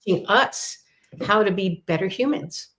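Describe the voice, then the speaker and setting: A woman guest in a casual chat who speaks in a calm, soothing way about energy and emotions. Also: mid-range voice, slight background noise. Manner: slow, soothing spiritual talk.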